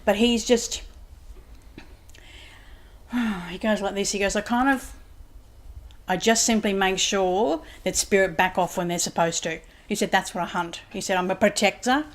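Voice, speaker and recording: A woman's voice: mid-range voice, a little slow. Rambling woman telling a story. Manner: rambling, retells conversations with "he said" quotes. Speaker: psychic medium guest. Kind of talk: casual storytelling interview. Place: home lounge room.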